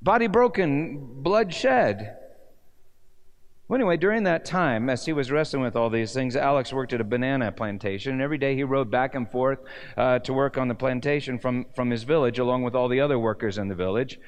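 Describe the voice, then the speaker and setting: A man preaching a sermon, telling a story with rhetorical questions and swinging from near-shouts down to hushed, low words. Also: a little fast. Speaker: pastor.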